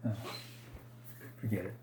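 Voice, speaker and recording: Slow, mellow-voiced man rambling about cards. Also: slight background noise. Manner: rambling, hesitant, self-correcting with fillers; self-deprecating, laughs at own slips. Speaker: card collector vlogger. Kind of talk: casual unscripted commentary.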